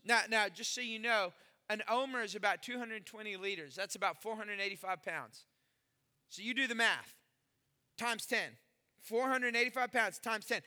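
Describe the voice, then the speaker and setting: High bright-voiced pastor preaching in a hall. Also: male voice. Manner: animated storytelling, acts out biblical dialogue. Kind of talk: sermon. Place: church sanctuary. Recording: long reverb of a large hall.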